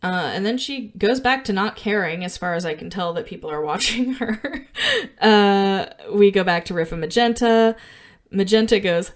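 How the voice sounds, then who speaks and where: A woman's voice: medium pitch, moderate pace. A woman co-hosting a podcast, casually walking through a film scene, with fillers and small laughs. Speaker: podcast co-host.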